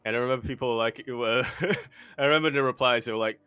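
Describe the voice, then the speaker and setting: A man co-hosting a casual esports podcast, animated and jokey, playfully slipping into put-on accents. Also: medium pitch, fast talker, clean tone, no echo, soft background music. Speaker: podcast co-host.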